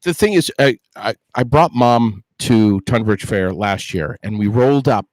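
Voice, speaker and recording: A man hosting a casual chat, telling animated stories with frequent restarts. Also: lowish voice, measured pace, no echo, low-quality recording. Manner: storytelling, animated, stumbles over restarts. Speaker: host.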